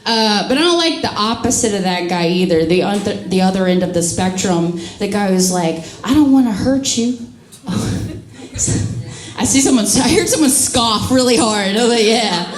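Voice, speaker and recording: A woman's voice: medium pitch, moderate pace. A drunk woman from a small town in Mississippi, doing a bawdy, self-mocking stand-up set and laughing at her own jokes. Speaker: stand-up comedian. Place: comedy club stage with a live audience. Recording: echoey room with loud crowd laughter.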